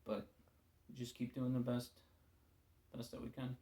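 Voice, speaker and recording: A man giving an informal devotional talk as a preacher, casual and candid, weary and subdued, often trailing off into quiet asides. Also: mid-range voice, completely flat delivery, unhurried, creaky.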